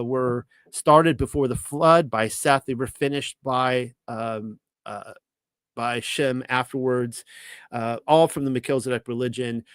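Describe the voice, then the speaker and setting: A man's voice: medium pitch, a bit bright, no room sound. A man teaching the Bible in a casual, rambling way, with many restarts and fillers. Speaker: ministry teacher.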